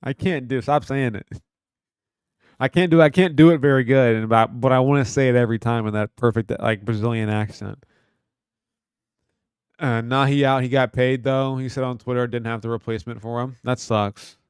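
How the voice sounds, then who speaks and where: A man's voice: medium pitch, fairly even intonation, normal speed, smooth, no echo, clean studio sound. A young man from Kentucky hosting a casual livestream, joking loosely, swearing often and reading chat aloud. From Kentucky, USA. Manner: loose, profane, joking banter. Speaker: livestream host.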